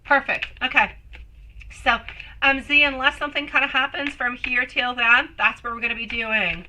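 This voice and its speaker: Bright-voiced woman doing live tarot. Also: high-pitched, steady tone, normal speed, slight background noise, poor audio. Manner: endearing, calls viewers sweetie and my love; chatty, reads viewer comments aloud and answers. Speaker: tarot reader, live-stream host. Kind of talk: live-stream tarot reading, chatting with viewers.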